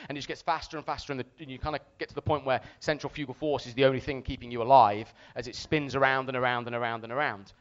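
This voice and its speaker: A man preaching a sermon to a congregation, telling a story with animated, shouted re-enactments. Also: medium pitch, clean tone, lo-fi sound.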